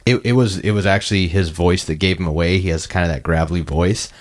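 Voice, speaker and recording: A man talking casually as a podcast guest, stammering and filling his sentences with "like" and "um.". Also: deep voice. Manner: halting, stammers with many fillers. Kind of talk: casual chat.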